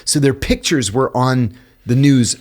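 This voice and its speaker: A man's voice: mid-range voice, a little slow. A middle-aged American man, a podcast guest, telling personal stories in casual talk and acting out the people he quotes. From United States. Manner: animated storyteller, acts out quoted voices, laughs at own stories. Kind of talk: casual storytelling interview.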